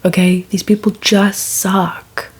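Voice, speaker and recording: A woman's voice: mid-range voice, flat delivery, slow pace, husky. A woman giving a pick-a-card reading in a half-whispered voice, blunt and emphatic, repeating her points over and over. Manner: blunt, repetitive, emphatic reassurance. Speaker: tarot card reader.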